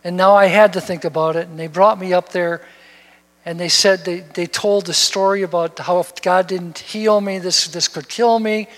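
A man with a high voice preaches in a large hall, his words trailing in long reverb. He tells stories in an animated way, doubling words as he pushes on. An older pastor. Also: moderate pace. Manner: storytelling, animated, repeats words when excited. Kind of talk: sermon. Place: church sanctuary.

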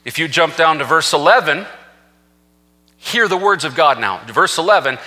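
Guy pastor giving a sermon, fairly high voice, emphatic, lots of hall reverb. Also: animated, a little fast, bright, forceful tone. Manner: emphatic preaching, reading scripture aloud with rising force. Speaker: senior pastor.

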